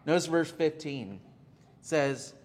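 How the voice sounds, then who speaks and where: Male pastor mid-sermon, slightly high voice, earnest, repeats himself for emphasis. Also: lively intonation, takes it slowly, a little mellow, slight background noise. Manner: earnest, repeats phrases for emphasis, frequent "uh" fillers.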